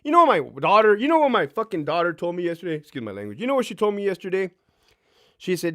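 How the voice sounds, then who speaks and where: A man's voice: a little high, sing-song, quick pace, a bit bright, no room sound, clean studio sound. Profane chatty man on a livestream. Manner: profane, boastful, laughing, addresses chat directly. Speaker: livestream host. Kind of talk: casual livestream chat reading comments. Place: home.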